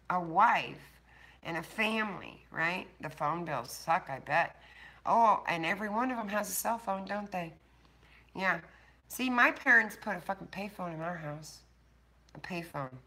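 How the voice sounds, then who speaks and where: A woman's voice: medium pitch, lively intonation, unhurried, pushed and bright. An older woman hosting a casual livestream, chatting bluntly and swearing freely with her viewers. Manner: blunt, profane, talking straight to chat viewers. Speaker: livestream host. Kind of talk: casual live-stream chat.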